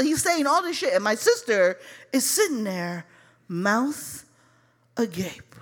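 A woman from Chicago telling a personal story live, animated and profane, calling her listeners y'all. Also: a little high, slow pace.

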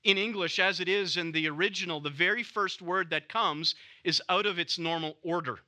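A man preaching an expository sermon, measured and emphatic, repeating key phrases for weight. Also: sits high, bright, forceful tone.

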